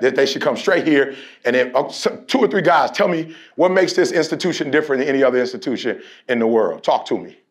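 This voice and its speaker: A motivational speaker giving a fiery talk to a team, telling stories in casual slang and leading call-and-response with shouts and repeated phrases. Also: male voice, mid-range voice. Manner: storytelling in casual slang, acts out dialogue.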